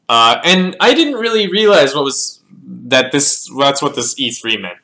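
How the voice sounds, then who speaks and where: A man's voice: medium pitch, very animated, moderate pace, hardly any pauses, bright, forceful tone. A man casually reviewing his own chess games, thinking aloud as he calls out the moves and often repeating words. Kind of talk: casual game analysis.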